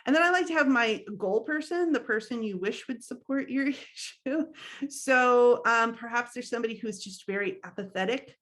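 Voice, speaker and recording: A woman's voice: a little high, normal speed, a bit bright. A young adult woman leading a training workshop, talking in a conversational way with frequent fillers and small laughs. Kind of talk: instructional talk.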